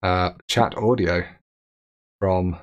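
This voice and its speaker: A man's voice: deep voice, steady tone, very slow, dull audio. A man streaming a game live, chatting, reading viewer messages aloud and laughing often.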